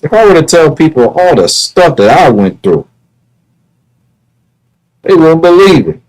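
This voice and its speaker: A man's voice: a little high, big pitch swings, unhurried, darkish tone, low-quality recording. A man talking casually on his own livestream, earnest and repetitive, often restarting his words. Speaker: live streamer.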